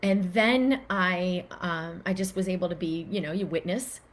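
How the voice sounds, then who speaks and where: A woman teaching in a casual, animated way, acting out the quoted voices of inner thoughts as she explains. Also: fairly low pitch, normal speed. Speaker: physician and wellness teacher.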